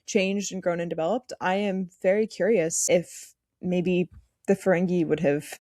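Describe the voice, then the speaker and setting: A woman's voice: on the low side, steady tone, normal speed, dark tone, no echo, studio quality. A young woman in college, co-hosting a podcast in casual chat and talking in an emphatic, fired-up way. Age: young adult. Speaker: podcast co-host.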